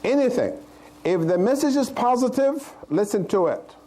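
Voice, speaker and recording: A man's voice: extremely high pitch, expressive, normal speed, warm tone, low-quality recording. A man, a cardiologist, giving an informal health lecture to a live audience, plain-spoken and checking in with listeners as he goes. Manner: plain-spoken, loose grammar.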